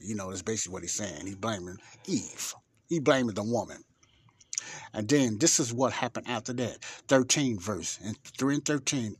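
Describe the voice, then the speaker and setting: A man's voice: lowish voice, normal speed, husky. A man hosting a Bible study podcast who reads scripture aloud and explains it in a conversational, emphatic, rambling way. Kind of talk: casual Bible teaching with scripture reading.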